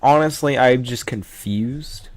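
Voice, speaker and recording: A man's voice: medium pitch, slow. A man giving casual, jokey commentary while ranking game characters, often trailing off mid-sentence. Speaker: YouTuber ranking Pokémon.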